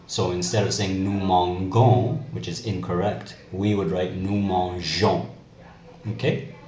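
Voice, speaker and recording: A man's voice: on the low side, dull audio. A man from Canada teaching a class through a video lesson, explaining carefully and spelling out letters one by one. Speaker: French teacher. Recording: echoey room with faint noise.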